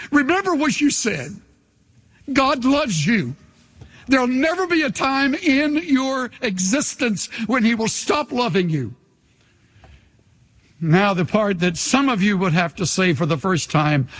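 An older male pastor preaches in a large church, leading his congregation in call-and-response with emphatic, repetitive phrasing. His voice is high-pitched with a fairly bright tone, and a long hall reverb fills the recording.

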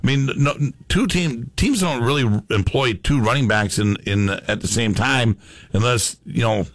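A man's voice: medium pitch, a little slow, dry recording. A man hosting a sports radio show, chatting casually and reading out listener messages. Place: radio studio.

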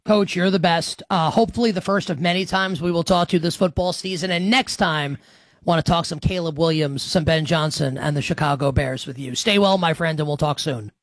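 A man's voice: on the high side, brisk, no room sound. A man hosting a sports betting talk show, chatty and teasing, often restarting his sentences. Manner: chatty, teasing, self-correcting. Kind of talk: casual sports talk radio.

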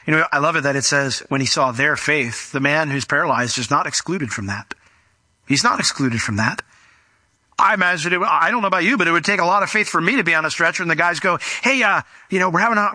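A man's voice: a little high, sharp tone, no echo. A man preaching a sermon in a conversational way, with restarts and rhetorical questions. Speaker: pastor.

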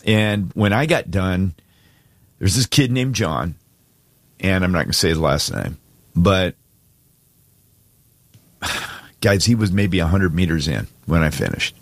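A man co-hosting a casual talk show, telling a story with deep feeling and choking up at times. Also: lively intonation, unhurried, long pauses, no echo. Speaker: co-host. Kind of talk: casual chat.

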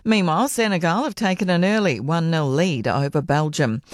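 A New woman reads the radio news in a low, steady voice. Her delivery is formal and measured. The recording is dry and close-miked. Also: dry recording. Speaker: newsreader.

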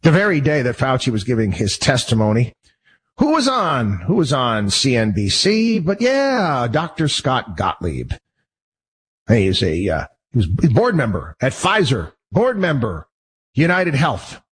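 A man's voice: mid-range voice, wildly swooping pitch, unhurried, breathy edge, low-quality recording. A man hosting his own show, talking in a heated, rambling monologue full of restarts and repeated phrases. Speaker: show host. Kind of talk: personal monologue.

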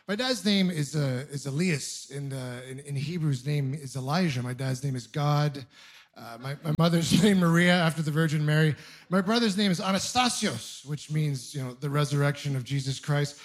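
A young man from Ontario doing a stand-up comedy set, telling stories deadpan with bursts of mock outrage. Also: a little high, normal speed. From Ontario, Canada. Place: comedy club stage with audience laughing.

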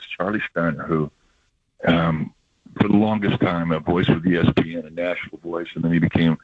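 An older male baseball broadcaster chatting on the radio, reflective and rambling, with a husky voice. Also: low-pitched, no room sound. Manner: reflective, rambling storyteller with laughs. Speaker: baseball broadcaster, regular guest. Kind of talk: emotional casual radio chat. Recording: dull lo-fi radio audio.

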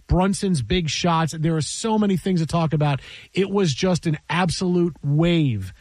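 High-voiced emphatic sports-talk man. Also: unhurried, darkish tone, no echo. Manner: emphatic, sarcastic, riffs in mock quotes. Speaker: sports show host.

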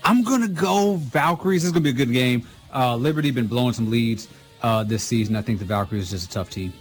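A man's voice: mid-range voice, expressive, quick pace, faint music behind. A man guesting on a radio sports show, easygoing and chuckling as he makes picks. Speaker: guest co-host. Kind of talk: casual sports talk.

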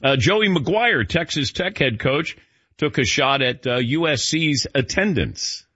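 Man, sports radio host, chatty, joking, husky, dry, dull studio sound. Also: fairly high pitch, unhurried, no echo. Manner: chatty, joking anecdotes, lively. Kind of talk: casual sports talk. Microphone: studio mic.

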